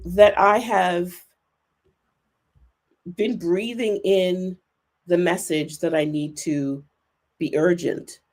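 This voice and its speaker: A woman's voice: lowish voice, fairly even intonation. A woman guest in a reflective podcast conversation over a remote call, speaking earnestly and thoughtfully, her pace shifting as she thinks. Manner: thoughtful, earnest, speeds up and slows down. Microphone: remote video call.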